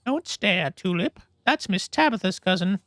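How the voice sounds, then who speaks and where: A man's voice: high-pitched, animated, fairly bright tone, no room sound, clean studio sound, pitched above the performer's own voice. A man doing a sugary, sing-song young mom. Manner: sing-song, motherly, slow. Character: fussy young mother, sweet and nosy.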